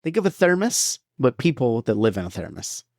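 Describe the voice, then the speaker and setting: A man co-hosting a film podcast in casual chat, animated and quick to act out lines. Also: mid-range voice, no echo, studio quality. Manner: animated, quotes film lines in big voices. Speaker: podcast co-host.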